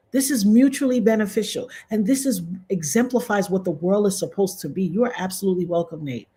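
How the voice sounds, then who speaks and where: A woman's voice: mid-range voice, darkish tone, husky. A woman from the northern US hosting a casual livestream, affectionate and a little preachy as she thanks viewers in the chat. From northern United States. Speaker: livestream host.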